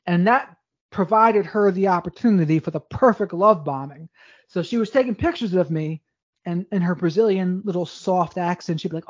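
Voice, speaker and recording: A man's voice: high-pitched, fairly quick, no echo. Guy rambling through his story on a podcast, candid, keeps restarting, dull lo-fi audio. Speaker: podcast guest. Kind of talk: casual storytelling interview.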